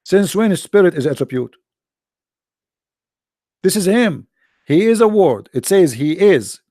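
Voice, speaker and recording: A man's voice: a little high, dark tone, no room sound, studio quality. A man hosting a live call-in debate in a mocking, sarcastic way, his voice worn out from talking for hours. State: tired, worn-out voice.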